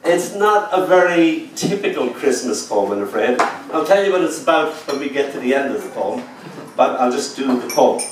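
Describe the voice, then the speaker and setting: A man's voice: medium pitch, lively intonation, moderate pace. A man giving a live poetry reading, mixing rhythmic recited verse with dry, wry asides. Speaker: poet. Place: live reading venue indoors. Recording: echoey room, distant mic, faint noise.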